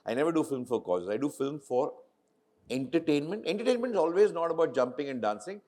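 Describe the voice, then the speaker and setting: Talking fast in a voice on the high side, a middle-aged film director with an Indian English accent recounts stories in a relaxed onstage conversation. He brings the quoted dialogue to life as he goes.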